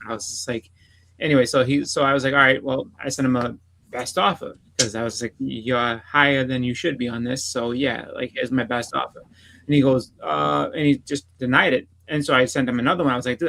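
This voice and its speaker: A man's voice: mid-range voice, gravelly, fairly bright tone, rough recording. A man on a casual podcast telling a long rambling story, repeating "I was like" and swearing freely. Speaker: podcast co-host.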